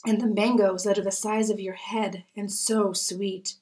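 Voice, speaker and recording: A jolly young barber speaks with cheerful relish, voiced by a woman reading a storybook. The pitch stays mid-range. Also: little pitch movement, unhurried, a little mellow, natural voice, low-quality recording. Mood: delighted.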